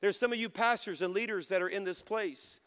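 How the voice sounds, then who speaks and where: A man's voice: high voice, brisk, a bit bright, clear, resonant tone. A man in his fifties preaching a sermon, exhorting the crowd with call-and-response. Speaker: pastor. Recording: long hall reverb.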